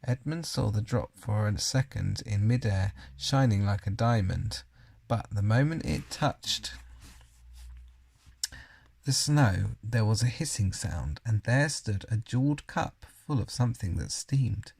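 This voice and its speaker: Gravelly man reading a storybook aloud. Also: lowish voice, lively intonation, measured pace, a little mellow. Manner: unpolished reading, occasional slips and self-corrections. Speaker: reader.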